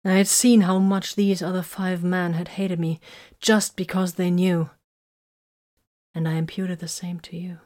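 A woman's voice: fairly low pitch, level tone, measured pace, a little mellow, natural voice. A woman voicing a bitter, hurt young woman warrior in an audiobook, speaking in an emotional, confessional way. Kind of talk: audiobook character reading.

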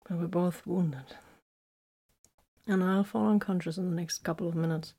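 A spent female warrior, wounded and barely upright, murmuring with a faint teasing edge, as a woman reads her in whispered role-play. The voice sits a little low and hushed. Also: fairly even intonation, normal speed, husky. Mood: weary. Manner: soft, weary, quietly teasing.

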